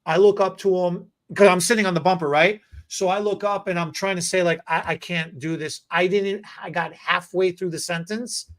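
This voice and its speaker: Man, 40s, podcast host, halting and emotional storyteller. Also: sits high, steady tone, a bit bright, slight background noise. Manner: halting, with many restarts and stammers, emotional. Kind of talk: casual storytelling.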